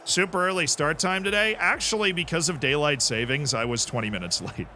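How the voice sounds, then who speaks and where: A man's voice: fairly high pitch, a little fast, bright, forceful tone, slight background noise. A man streaming a football management game, chatting casually, reacting to the match and answering his chat. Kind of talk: live gameplay commentary.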